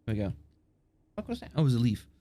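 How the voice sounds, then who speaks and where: A man's voice: medium pitch, very animated, racing, mellow. A man streaming a game live, chatting casually with viewers in a rambling, playful way, swearing and laughing often. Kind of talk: casual live-stream chat while gaming.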